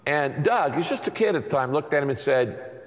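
A middle-aged man preaches from the pulpit with an animated voice that leaps up and down in pitch. He sits slightly high for a man and drives home his points by repeating short phrases. The sound carries the long, lingering reverb of a big church sanctuary. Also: brisk. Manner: emphatic, repeats catchphrases for the congregation. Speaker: pastor. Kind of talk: sermon. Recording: long reverb of a large hall.

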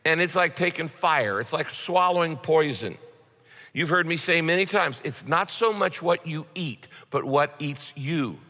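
A pastor preaches a sermon in a conversational manner, repeating words often. His voice runs on the high side, pushed and bright, with lively intonation and an unhurried pace. Long hall reverb surrounds the recording.

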